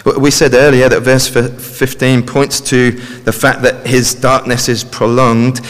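A man's voice: mid-range voice, level tone, measured pace. Aussie guy giving a sermon, easygoing, keeps saying "isn't it", long church reverb. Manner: conversational, frequent tag questions. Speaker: preacher. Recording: long reverb of a large hall.

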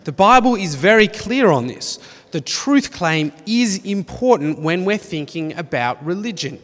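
A man's voice: sits high, lively intonation, a little slow, fairly bright tone. A man preaching a sermon, reading Bible passages expressively with dry humour. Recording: long reverb of a hall.

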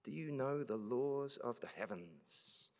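A man's voice: medium pitch, animated, takes it slowly. A man preaching a sermon, reading scripture verses aloud and then explaining them in a conversational way. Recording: long reverb of a large hall.

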